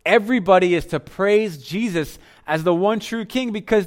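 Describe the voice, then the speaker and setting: A man preaching a sermon as pastor, earnest, dropping to softer tones for emphasis. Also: high voice, moderate pace.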